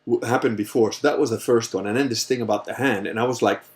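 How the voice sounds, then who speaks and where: Man, middle pitch, casual livestream Q&A, rambling storyteller, profane, animated. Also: fast. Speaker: host answering viewer questions.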